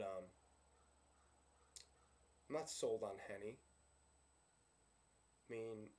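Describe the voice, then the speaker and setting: Dark-voiced sarcastic man, football fan rant. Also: medium pitch. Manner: sarcastic, ranting, keeps asking himself questions. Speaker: sports vlogger.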